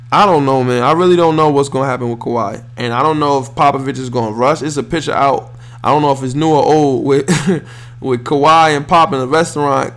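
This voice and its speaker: A young man, hosting a podcast with rambling, slangy, animated sports talk. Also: on the high side. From northern New Jersey. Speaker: podcast host.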